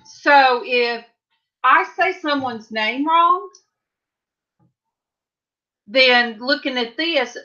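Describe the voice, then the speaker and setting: A middle-aged woman from California runs a livestream out of her home craft room, rambling casually as she works through viewer comments. She talks extremely slowly with long pauses, in a high-pitched voice that comes across bright and forceful. The sound is lo-fi and slightly dull.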